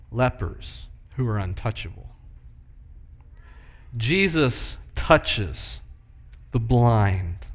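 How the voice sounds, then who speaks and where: A man preaching a sermon, moving between loud, emphatic passages and hushed, slow ones. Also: medium pitch. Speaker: pastor.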